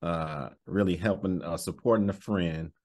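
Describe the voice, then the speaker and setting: An interview host asking questions in a relaxed way, laughing often. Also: low voice, normal speed. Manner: relaxed, laughs often, frequent "mm-hmm" backchannels. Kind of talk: casual interview.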